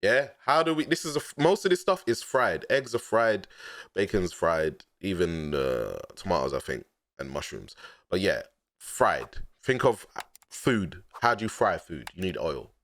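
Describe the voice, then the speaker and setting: A low-voiced man from London breaks down his own rap bars in a casual reaction, using easy street slang at a measured pace. He's laid-back and laughs often, his pitch swinging widely from low drawls to sudden excited bursts. The sound is close and dry, with no room or echo.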